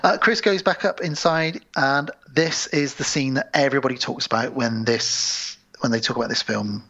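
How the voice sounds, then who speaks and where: Gravelly man, recapping film scenes. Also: medium pitch, moderate pace, sharp tone, highs cut off. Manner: retells film scenes, acting out quotes. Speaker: podcast co-host. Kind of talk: casual film discussion.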